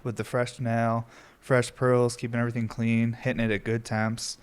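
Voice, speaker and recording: A man's voice: mid-range voice, monotone, moderate pace, clean tone. A young man hosting a podcast, rambling in a laid-back way with lots of swearing. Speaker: podcast host. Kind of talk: casual stoner podcast chat.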